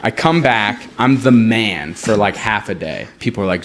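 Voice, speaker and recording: Man, young adult, from Montana, low-ish voice, casual storytelling, podcast guest, acts out dialogue. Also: normal speed. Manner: animated, acts out quoted dialogue, frequent "like".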